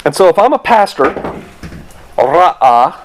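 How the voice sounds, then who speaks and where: A middle-aged pastor delivers a sermon in a loose, conversational manner, full of rhetorical asides and restarts. His voice sits a little high for a man. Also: sing-song, takes it slowly, slight background noise, rough recording.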